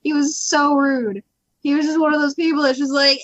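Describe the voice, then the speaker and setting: Brief: woman podcast co-host, a bit high-pitched, lively storyteller who acts out quotes, muffled lo-fi sound. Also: moderate pace. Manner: animated, laughs often, acts out quotes. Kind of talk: casual storytelling chat. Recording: dull lo-fi podcast audio.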